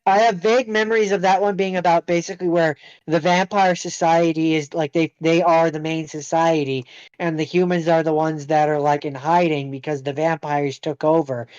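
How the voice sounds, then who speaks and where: A man on a podcast with a smooth, clean voice pitched a bit high. He stammers and restarts before he settles into his point, heard through slightly dull, lo-fi audio. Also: level tone, moderate pace, darkish tone. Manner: hesitant, stammers before speaking. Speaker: podcast co-host. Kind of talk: casual podcast chat.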